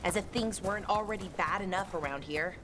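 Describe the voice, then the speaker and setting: A woman's voice: medium pitch, a little fast, noisy background, close to an everyday voice. An actress playing an earnest young female elf companion in a video game, explaining things in a knowledgeable way.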